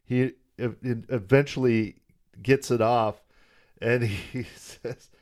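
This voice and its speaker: A man's voice: mid-range voice, steady tone, slow, a little mellow. Wry male podcast co-host. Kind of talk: casual chat recapping cartoons.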